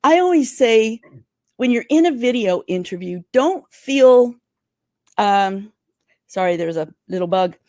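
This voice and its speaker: A woman career coach giving interview tips in a livestream, talking fast and excitedly. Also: on the high side, dry recording, studio quality. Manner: energetic, talks fast and excitedly.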